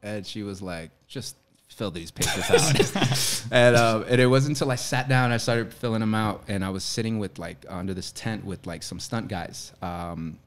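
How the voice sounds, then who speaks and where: A man from Florida with a fairly low voice, telling a story on a podcast. He is a guest actor who acts out each character's lines as he goes. His delivery is lively and chatty. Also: moderate pace, hardly any pauses, clear, resonant tone. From Florida, USA. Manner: animated storyteller who acts out dialogue, often laughing.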